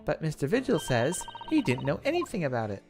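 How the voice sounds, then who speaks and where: A man's voice: a little high, wildly swooping pitch, brisk, music in the background, voice pushed up. Man doing a polite young woman assistant. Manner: polite, gently playful.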